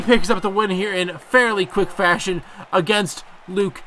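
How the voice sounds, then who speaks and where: A young man giving excitable play-by-play commentary on a video game wrestling match, casually swearing. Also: sits high, moderate pace, hardly any pauses, noisy background. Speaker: gameplay commentator.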